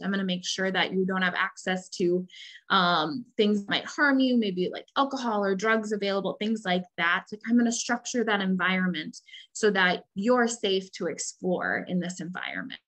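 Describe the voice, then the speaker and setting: A woman's voice: medium pitch, fairly bright tone, low-quality recording. A woman in the middle of her range, presenting on child development and walking through examples step by step. Her delivery is explanatory and conversational, with fillers like "um" and "like" running through it. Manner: explanatory, with frequent "like" and "um". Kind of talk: educational presentation.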